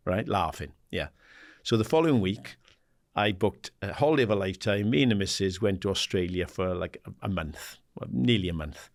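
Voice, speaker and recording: Brisk and gravelly with hardly any pauses, a lowish-voiced older Englishman tells football stories as a guest in a casual interview; he's a former footballer and assistant manager. He acts out the dialogue in his animated anecdotes, laughs a lot, swears casually and calls people "mate".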